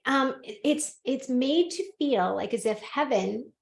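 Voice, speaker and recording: A woman hosting a podcast, telling a personal story in casual chat, animated and laughing often as she acts out what people said. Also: high-pitched, a little slow, gravelly, echoey room. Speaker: podcast host and medium.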